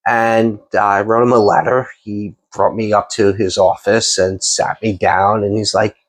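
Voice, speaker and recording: A man's voice: fairly low pitch, measured pace. A man, hosting a casual interview and telling long stories with many restarts. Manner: rambling, animated storyteller with many restarts. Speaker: podcast host and chef.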